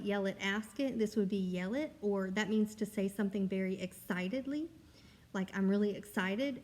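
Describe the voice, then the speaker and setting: A woman's voice: mid-range voice, a little mellow. A woman teaching kindergarten in a recorded lesson, explaining each step patiently and encouraging the children. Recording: long reverb, echoey room.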